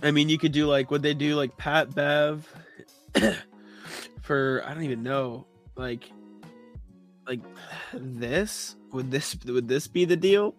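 Sniffly man with a halting, throat-clearing delivery. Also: on the high side, faint music behind. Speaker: co-host of a sports talk stream. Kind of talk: casual sports chat.

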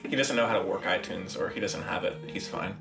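A man's voice: low-pitched, brisk, creaky, recorded from a distance, music in the background. Young man hosting a film podcast. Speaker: podcast host. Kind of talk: casual chat. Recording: roomy echo, voice set back from the mic.

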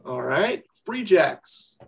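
A man with a somewhat higher voice hosts a relaxed podcast interview. He is playful, firing off light questions and word games at his guest. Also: very slow, creaky. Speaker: podcast co-host.

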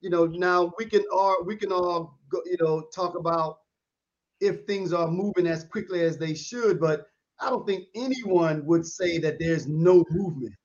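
A man in a casual debate who talks in a measured way and hedges a lot with "you know". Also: sits high. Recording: dull lo-fi sound.

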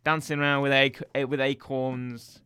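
A man co-hosting a casual chat, rambling and excitable, with jokey asides. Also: medium pitch, moderate pace, clear, resonant tone. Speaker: podcast co-host.

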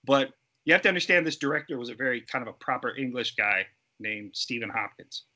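Bright-voiced man telling set stories. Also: mid-range voice, a little fast. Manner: animated, acts out quoted voices. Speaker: guest actor and effects artist. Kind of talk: casual interview storytelling.

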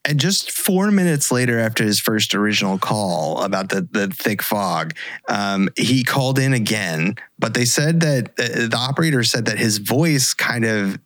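A man casually telling a story on a podcast, pausing often with fillers. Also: lowish voice, lively intonation, a bit bright, dry recording. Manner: halting, many fillers, laughs along. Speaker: storyteller host.

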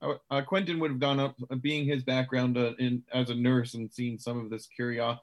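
A man playing a tabletop game, chatting casually with halting, restarting sentences. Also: mid-range voice, little pitch movement. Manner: halting, many fillers and restarts.

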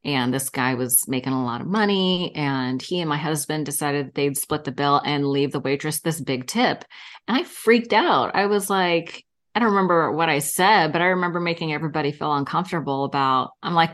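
A woman in her fifties talks as a podcast guest, her voice sitting slightly low. She tells candid, animated stories and breaks into laughter often. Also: a little fast. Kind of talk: casual interview chat.

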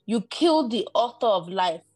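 Woman, scripture reader, steady reading, dry close sound, faint music behind. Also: mid-range voice, normal speed, no echo.

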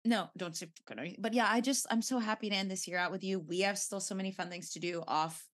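A woman's voice: mid-range voice, fast. A woman co-hosting a podcast, chatting casually and telling a story with lots of acted-out quotes and swearing. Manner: animated storytelling, acts out quotes, swears freely. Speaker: podcast co-host. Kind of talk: casual chat.

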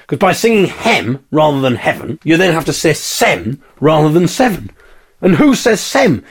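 A man's voice: on the high side, slightly rough. A man from England hosting a podcast, delivering a wry, mock-indignant comic monologue and singing snatches of carols. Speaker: podcast host.

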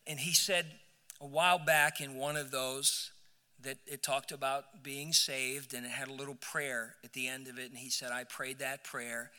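Bright-voiced preacher in a church hall. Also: male voice, mid-range voice, flat delivery, moderate pace, clear, resonant tone. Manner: storytelling preacher, repeats words, builds to emphatic peaks. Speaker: pastor. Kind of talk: sermon. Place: church sanctuary. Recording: church hall with long reverb.

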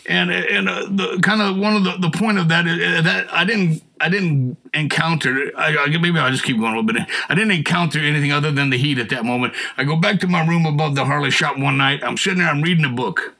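A man's voice: on the high side, brisk, creaky, few pauses, rough recording. A man sharing a personal faith testimony in casual conversation, acting out the people he quotes. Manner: animated storyteller who acts out quotes and laughs.

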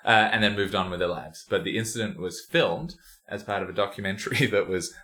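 A man's voice: on the low side, a little fast, pushed and bright. A man co-hosting a podcast in casual chat, joking, rambling and laughing often. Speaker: podcast co-host.

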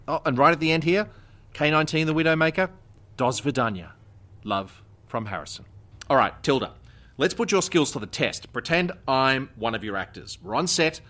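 Male comedy co-host, bright forceful tone, sardonic mock-earnest reads. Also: on the high side. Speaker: podcast co-host. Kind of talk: comedic scripted chat.

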